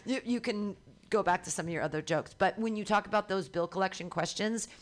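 A woman's voice: medium pitch, brisk. A woman hosting a comedy workshop, giving a comic enthusiastic notes on her jokes and swearing freely. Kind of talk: casual feedback chat.

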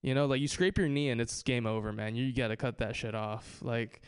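A man's voice: mid-range voice, steady tone, fairly quick, clean tone. A man from Hawaii doing stand-up on a club stage, hesitant and full of fillers. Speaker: stand-up comedian. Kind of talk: live stand-up set.

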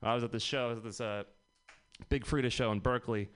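A man's voice: mid-range voice, steady tone, quick pace, clear, resonant tone. A man in his twenties doing a rambling stand-up set, laughing at his own jokes. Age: 20s. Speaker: stand-up comic.

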